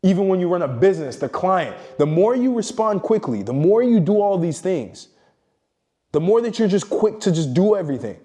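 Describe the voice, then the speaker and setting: A man's voice: high voice, very animated, normal speed, warm tone. A man giving a blunt, profane motivational monologue as a self-improvement coach, lecturing emphatically.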